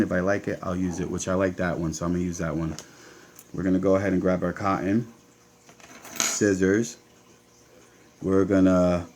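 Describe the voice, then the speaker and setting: Here the same Connecticut-accented vape host talks his audience through a build while his hands stay busy, keeping things chatty. The voice is low and a little mellow, with a faint hiss or hum in the recording.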